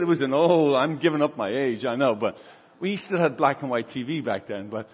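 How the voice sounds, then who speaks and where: A man's voice: mid-range voice, lively intonation, a little fast, slightly rough, long reverb tail, highs cut off. An older man preaching a sermon as a pastor, telling the story in a conversational way and acting out the dialogue.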